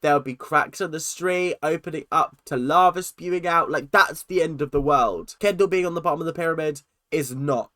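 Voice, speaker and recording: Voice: medium pitch, fairly quick, few pauses, sharp tone, no echo. British reaction host, blunt, sarcastic, ranting, swears, close dry mic. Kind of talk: casual reaction commentary.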